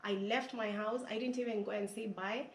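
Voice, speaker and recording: Her mid-range voice fairly even in intonation and at normal speed, a woman earnestly shares her own story in an interview. She repeats words often, and her voice rises with emotion. The recording carries a roomy echo and faint hiss.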